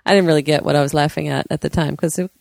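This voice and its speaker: A woman co-hosting a podcast, telling chatty stories and acting out the quotes, with a creaky voice. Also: low-pitched, fairly even intonation, very fast, a little mellow, no echo, clean studio sound. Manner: chatty storyteller, acts out quotes. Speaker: podcast co-host. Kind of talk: casual chat.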